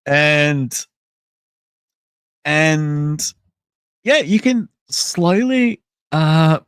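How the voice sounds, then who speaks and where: A man's voice: on the high side, expressive, very slow, a bit bright, smooth, dry recording. A man hosting a casual livestream, thinking aloud in a rambling way with many restarts and answering chat messages. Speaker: livestream host.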